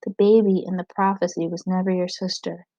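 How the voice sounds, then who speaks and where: Woman reading as a calm learned royal advisor. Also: lowish voice, brisk, no echo, lo-fi sound, lightly acted.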